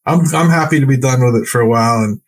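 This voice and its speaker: A man's voice: mid-range voice, quick pace. A man hosting a sports podcast in casual, joking conversation, laughing often as he talks. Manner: chatty and joking, laughs easily. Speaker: podcast host.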